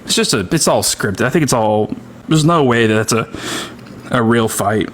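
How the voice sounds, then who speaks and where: A man's voice: medium pitch, moderate pace, fairly bright tone, slight background noise. Rambling man in casual chat. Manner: rambling, heavy on fillers. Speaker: comedic streamer.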